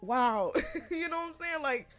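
A young woman hosting a podcast, casually telling a personal story with lots of animated asides and quoted voices. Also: high-pitched, measured pace, faint music behind. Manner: chatty, animated retelling with quoted voices and laughs. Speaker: podcast host.

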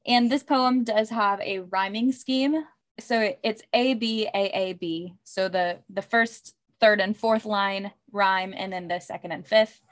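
A woman's voice: mid-range voice, fairly even intonation, a little slow. Chatty young-sounding woman discussing poetry. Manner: chatty, many "like" and "um" fillers, laughs often. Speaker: podcast co-host. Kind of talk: casual literary discussion.

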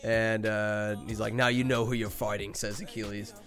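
A young man hosting a podcast, giving a casual, animated movie recap full of slang and acted-out quotes. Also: lowish voice, normal speed, soft background music. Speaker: podcast host.

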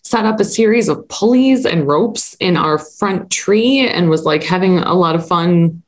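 Slow-talking relaxed woman podcaster. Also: on the low side. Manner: relaxed, chatty, laughs easily. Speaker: podcast co-host. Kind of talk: casual chat recapping a TV episode.

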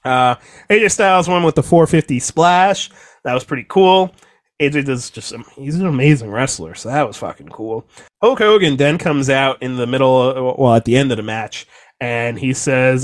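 A young man co-hosting a podcast, recapping wrestling in a profane, exasperated, animated rant. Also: medium pitch, moderate pace. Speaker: podcast co-host. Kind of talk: casual wrestling recap chat.

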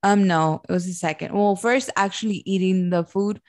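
A young woman and new mother co-hosting a casual chat podcast, relaxed and rambling as she tells stories. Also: medium pitch, moderate pace, no room sound. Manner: relaxed, rambling, warm storytelling with fillers. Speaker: podcast co-host.

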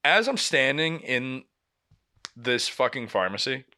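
Bright-voiced man telling a story. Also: mid-range voice, a little slow. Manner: animated, swears freely, acts out dialogue. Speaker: podcast host. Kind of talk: casual storytelling.

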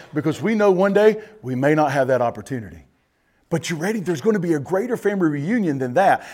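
A preacher with a notably high voice delivers his sermon, rising to loud emphatic peaks and dropping to hushed, low asides. He keeps calling out to his congregation as he goes. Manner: preaching with emphatic rises and drops, addressing the congregation directly. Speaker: pastor.

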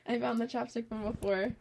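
A woman's voice: a little high, moderate pace, gravelly, a little hiss or hum. A young woman co-hosting a podcast, telling a story in casual chat, swearing freely and acting out the people she quotes. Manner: animated storytelling, heavy swearing, quoted voices. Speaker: podcast co-host.

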